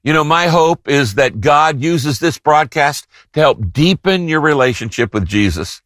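A man's voice: on the high side, expressive, unhurried, fairly bright tone, no room sound. Male pastor greeting listeners, dry studio. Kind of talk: broadcast greeting.

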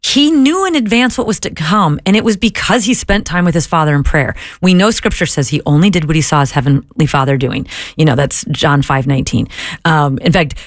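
A woman guest on a faith talk show, telling stories in an animated way and acting out the dialogue she quotes. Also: low voice, fairly quick, no echo, studio quality.

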